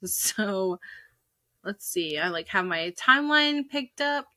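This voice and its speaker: Woman podcast co-host, giggly and chatty, slow talker. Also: mid-range voice, expressive, pushed and bright. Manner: giggly, chatty, self-interrupting. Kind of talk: casual podcast chat.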